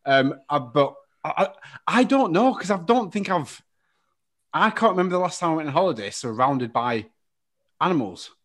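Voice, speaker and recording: A man's voice: animated, normal speed. A man from England with a regional accent, co-hosting a casual podcast chat and joking around. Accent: English regional. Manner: jokey, slips into silly high put-on voices. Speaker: podcast co-host.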